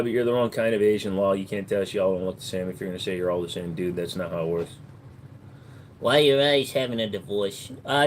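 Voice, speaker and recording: A man's voice: mid-range voice, slight background noise. A man hosting a casual livestream, answering chat with crude, profane, mocking banter. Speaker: livestream host.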